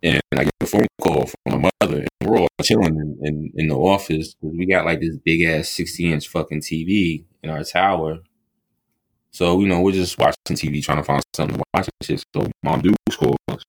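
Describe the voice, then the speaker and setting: Gravelly deep-voiced man telling a story. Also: a little fast, dry recording, rough recording. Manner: laid-back, swears freely, slangy storytelling. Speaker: podcast co-host. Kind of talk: casual podcast chat.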